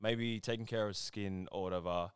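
Smooth man in casual chat. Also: on the low side, fairly even intonation, fairly quick, no room sound. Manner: earnest, rambling, swears casually. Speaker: podcast co-host.

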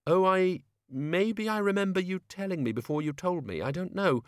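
Sharp impatient young woman, voiced by a man, curt, clipped, raised pitch, dry sound. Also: expressive, moderate pace, no echo.

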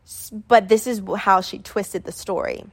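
A woman's voice: medium pitch, steady tone, moderate pace, slightly rough. A young adult woman telling a story in casual chat, rambling and filling it with constant "like". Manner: rambling, filler-heavy with constant "like".

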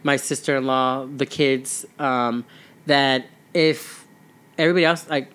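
A man's voice: mid-range voice, steady tone, unhurried, a bit bright, clean tone. A young adult man co-hosting a casual chat, talking earnestly and rambling with many fillers. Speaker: podcast co-host.

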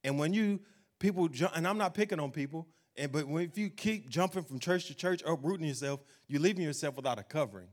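A man preaching a sermon, emphatic, slowing down to read scripture. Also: fairly high pitch. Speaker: pastor.

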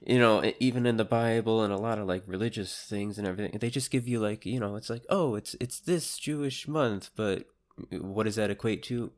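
A man's voice: fairly low pitch, fairly even intonation, quick pace. A man co-hosting a podcast in casual chat, rambling and hesitant, with many restarts. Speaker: podcast co-host.

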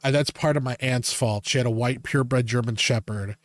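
A man chatting casually on a podcast, telling long animal stories with plenty of swearing and lively quoted asides. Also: medium pitch, fairly quick, no room sound. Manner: casual, profane, animated when quoting himself. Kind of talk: casual storytelling chat.

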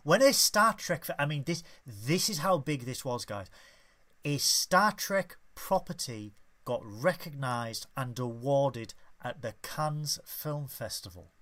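Lively, jokey podcast co-host man. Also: mid-range voice, slow. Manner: jokey, animated, playful. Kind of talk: casual chat.

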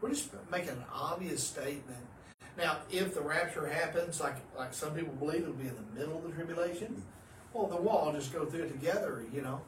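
Man, pastor, animated storytelling, echoey room, mic set back. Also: fairly high pitch, a little fast. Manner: animated storyteller, swings from hushed to loud. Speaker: pastor, podcast co-host. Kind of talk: casual religious podcast chat. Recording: roomy, distant mic, faint noise.

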